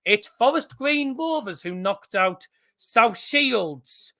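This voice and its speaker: A man's voice: very high-pitched, lively intonation, slow, bright, forceful tone. A man hosting a live stream, calling out cup draw fixtures and chatting with viewers in the live chat. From England.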